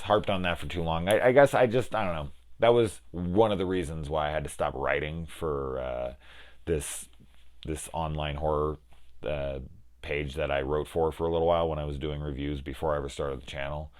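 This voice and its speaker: A young man with a low voice talks through a film review in loose, rambling fashion. He swears freely, leans on "like" and acts out bits of dialogue as he goes. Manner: rambling, profane, with lots of "like" and quoted dialogue. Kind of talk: casual spoken film review.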